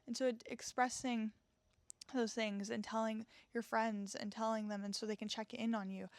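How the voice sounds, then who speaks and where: A woman's voice: fairly high pitch, level tone, normal speed, dry recording. A young woman hosting a solo podcast, talking in an earnest, reassuring, chatty way and often checking in with "okay?". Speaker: podcast host.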